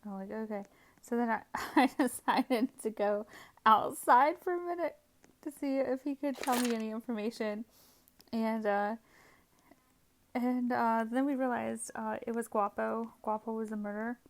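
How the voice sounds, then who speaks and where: A woman's voice: on the high side, moderate pace. A woman hosting a gaming channel, recapping her gameplay in a casual, rambling voice-over full of fillers and frequent giggles.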